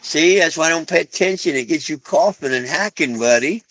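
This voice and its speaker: A man's voice: expressive, a little fast. A man chatting casually on a live stream from home, talking to viewers and cooing at his dogs. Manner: coos softly at his dogs in a lower voice.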